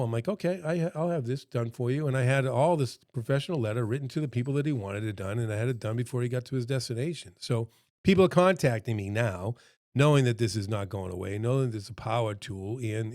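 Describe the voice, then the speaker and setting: A man's voice: medium pitch, a little mellow, dry recording. A middle-aged man talking casually to camera from a room at home, earnest and chatty, full of fillers and little acted-out quotes. His voice sits in the middle of the male range, and the recording is dry and close. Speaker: restaurant consultant. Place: home room with a dog nearby.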